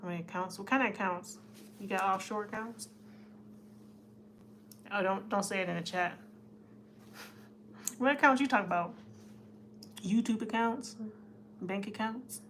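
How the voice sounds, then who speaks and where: A woman's voice: mid-range voice, normal speed, long pauses, fairly bright tone, a little hiss or hum. A woman hosting a casual live stream, chatting with her viewers and reading their comments, often laughing. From United States. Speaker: livestream host.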